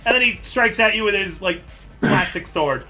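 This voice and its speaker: A man running a tabletop game on a live stream as game master, animated and often breaking into laughter as he explains rules. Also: high-pitched, normal speed, over music.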